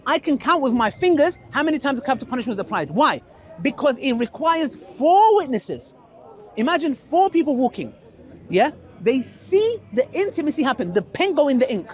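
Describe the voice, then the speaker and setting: A young man preaching and debating outdoors in a public park, lively and full of rhetorical questions to his listener. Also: extremely high pitch. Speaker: street preacher. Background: crowd.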